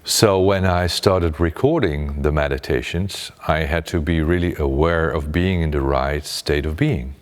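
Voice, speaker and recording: A middle-aged man, a meditation teacher and former radio presenter, talks in a calm, unhurried way about his life, often restarting his sentences. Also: very deep voice, big-room sound. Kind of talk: reflective personal talk.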